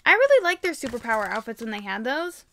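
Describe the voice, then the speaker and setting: A young woman chatting casually while unboxing toys, gushing and gasping with excitement. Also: on the high side, fast talker. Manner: gushing, excitable, frequent gasps. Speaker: toy vlogger.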